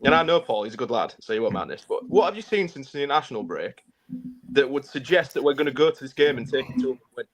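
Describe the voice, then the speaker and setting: A man's voice: medium pitch, lively intonation, quick pace. A man co-hosting a casual football podcast, talking bluntly and often repeating his words while he thinks. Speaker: podcast co-host.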